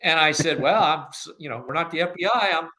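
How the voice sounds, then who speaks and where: An older man who once directed an agency tells anecdotes in an interview, talking fast in a fairly high voice. He's an animated storyteller who acts out the dialogue he quotes and laughs often.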